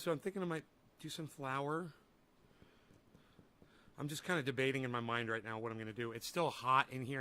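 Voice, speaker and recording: A man's voice: mid-range voice, pushed and bright, smooth. A man chatting casually on a livestream while sick and a little winded, rambling and swearing freely. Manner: rambling, swears freely, talks to his dog and chat. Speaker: livestream host.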